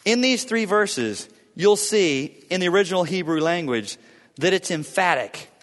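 A male pastor preaching a sermon, swinging between booming emphasis and hushed, quiet lows. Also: expressive, normal speed, in a large hall.

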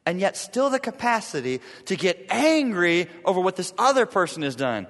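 Dramatic preacher with big swings in a hall. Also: male voice, on the high side, very animated, normal speed. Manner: dramatic swings from loud to hushed. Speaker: pastor. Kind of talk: sermon.

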